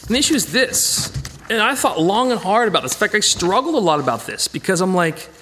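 A man's voice: high-pitched, brisk, a little hiss or hum. A man leading an informal Bible study, talking it through conversationally with frequent restarts and emphatic bursts. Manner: animated and emphatic. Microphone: presentation with slides.

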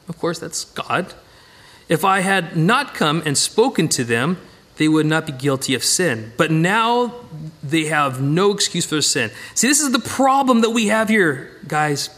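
A middle-aged man teaching a Bible study with slides, animated, often repeating phrases and correcting himself mid-sentence. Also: a little high.

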